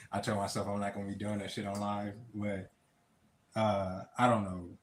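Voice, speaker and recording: Halting man near tears on a livestream. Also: fairly low pitch, level tone, slight background noise. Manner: halting, repeats words, addresses viewers as y'all and bro. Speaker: livestream host. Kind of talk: emotional personal talk on a livestream.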